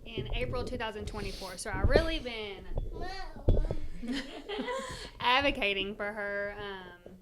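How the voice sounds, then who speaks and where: A woman from Louisiana with a Cajun accent, a mother telling her story to the hosts in a casual interview, emphatic and animated. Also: mid-range voice, moderate pace, few pauses, very noisy. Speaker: guest, mother.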